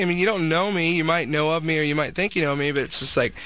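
A young man, a rock band guest, telling animated stories about fans in casual chat. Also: a little high, clear, resonant tone, no room sound. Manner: rapid, animated anecdotes. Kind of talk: casual storytelling.

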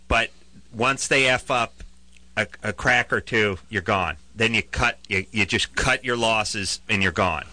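Bright-voiced joking male radio host. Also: fairly low pitch, unhurried, poor audio. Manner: loud, joking, mimics others. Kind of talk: casual radio banter.

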